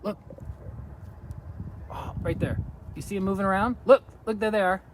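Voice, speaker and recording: Chatting and joking in a casual livestream, a road-trip vlogger greets his viewers by name while standing outdoors by a lake with a handheld phone, a little out of breath. He speaks at a moderate pace in a high-sitting voice, with slight background noise.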